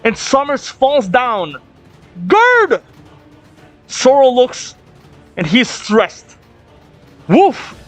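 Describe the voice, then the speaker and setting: A man hosting a manga reaction video, reading panels aloud with sudden excited outbursts. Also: very high-pitched, slow. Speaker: reaction channel host. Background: faint drum music.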